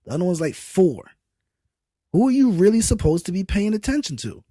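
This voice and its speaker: A young adult man co-hosting a casual podcast chat, an animated storyteller who acts out the people he quotes. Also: high voice, a little fast, dry recording, studio quality. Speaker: podcast co-host.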